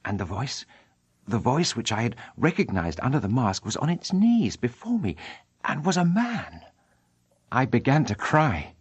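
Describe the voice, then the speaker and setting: A man narrating an audiobook in a measured, dramatic reading style. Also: medium pitch, huge pitch swings, husky, no echo. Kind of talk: scripted narration.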